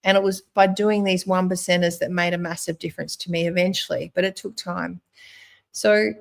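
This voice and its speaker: A middle-aged woman talks in a motivational monologue, her voice low and gravelly. She speaks earnestly, repeating herself and restarting her sentences often. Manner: earnest, repetitive, with fillers and restarts. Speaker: host.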